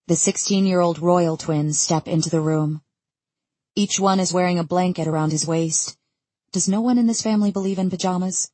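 Husky-voiced woman narrating an audiobook. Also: lowish voice, normal speed, mellow, dry recording. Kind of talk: first-person scripted narration.

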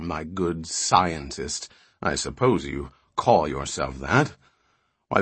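A man's voice: on the low side, a bit bright, dry recording. A man doing a scornful imperial general. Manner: sour, mocking.

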